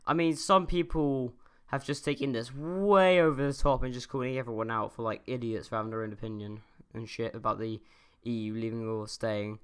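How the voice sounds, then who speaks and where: A man's voice: medium pitch, a little fast, fairly bright tone, clean tone. A young man from the UK giving a casual opinion rant as a YouTuber, rambling and swearing, with lots of fillers and restarts. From United Kingdom.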